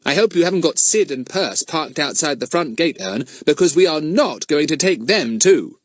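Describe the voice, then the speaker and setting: A man voicing a clever, self-assured boy who leads a group of young sleuths, talking brisk and sure. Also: a little high, expressive, no echo, voice pushed up. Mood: confident.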